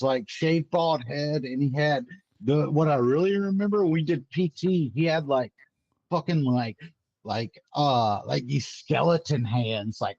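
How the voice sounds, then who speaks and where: A man's voice: a little high, darkish tone, highs cut off. A young man, a former Marine, swapping profane, laughing war stories in a casual chat.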